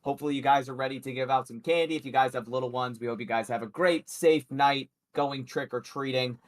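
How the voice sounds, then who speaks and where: A man's voice: mid-range voice, steady tone, fast. Chatty, foul-mouthed male stream host. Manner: loose, profane and chatty. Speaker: co-host of a sports betting livestream. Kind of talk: casual livestream chat.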